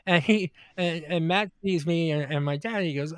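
A man's voice: a little high, brisk, few pauses, clear, resonant tone, no room sound. Rambling, laughing man on a dry mic. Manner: laughing, rambling, stammers and restarts. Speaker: podcast co-host. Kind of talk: casual comedy podcast storytelling.

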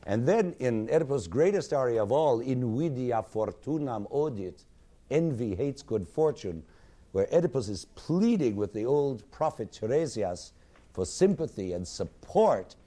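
A man giving a university music lecture in a hall, expressive and singing examples at the piano. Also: mid-range voice, unhurried.

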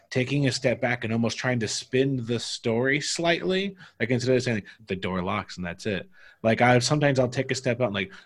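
A man's voice: mid-range voice, fairly quick. A man who runs tabletop games, chatting casually on a podcast and rambling through his tips with lots of filler words. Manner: rambling, heavy use of fillers like "like". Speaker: game master.

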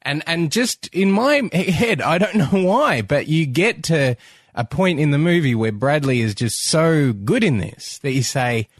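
A man's voice: on the high side, lively intonation, unhurried, husky, no room sound, studio quality. An Australian man with an Australian accent, co-hosting a casual film chat and often repeating words as he starts a thought. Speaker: podcast co-host.

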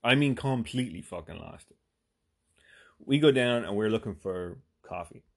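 A man's voice: lowish voice, expressive, normal speed, vocal fry. A man telling a long casual anecdote, rambling and swearing with lots of fillers. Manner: rambling, profane, full of fillers. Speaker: storyteller.

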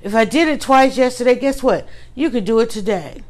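A middle-aged woman talks straight to her audience in a casual vlog monologue. Her voice sits a touch high and grows emphatic, rising into heated outbursts as she rants. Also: fairly quick, darkish tone. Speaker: blogger.

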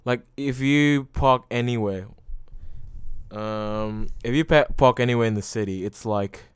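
A man's voice: medium pitch, a little slow, smooth, no room sound. A young man hosting a casual solo podcast, rambling loosely with lots of fillers and frequent swearing. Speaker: podcast host.

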